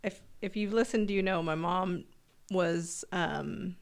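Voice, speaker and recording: Lower-voiced woman podcast co-host, candid and brisk. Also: creaky. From Mexican-American. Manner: quick, candid storytelling. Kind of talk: casual chat.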